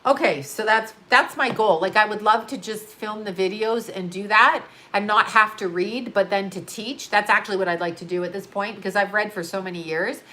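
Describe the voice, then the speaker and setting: A tired woman chats loosely on a livestream from her home studio, replying to viewer comments as they come in. She rambles and drifts between thoughts, and she is blunt and quick to swear. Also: mid-range voice, bright, forceful tone. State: tired, yawning. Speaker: astrologer and livestream host. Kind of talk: casual livestream chat reading viewer comments.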